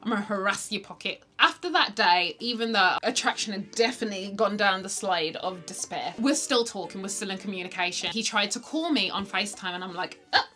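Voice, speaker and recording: Animated young woman telling a story. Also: mid-range voice, brisk, few pauses, faint music behind. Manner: animated, swings between loud exclamations and hushed asides. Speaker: vlogger. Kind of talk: storytime vlog.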